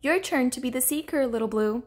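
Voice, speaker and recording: A woman's voice: high-pitched, brisk. A woman voicing a proud young male fish who is a sore loser, sulky and indignant, in a storybook.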